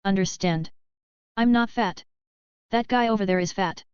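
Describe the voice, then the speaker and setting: A woman reading the lines of a touchy, boisterous chubby male archer in an audiobook, loud and defensive. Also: mid-range voice, moderate pace, clean tone, no room sound, natural voice. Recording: dry, slightly dull lo-fi recording.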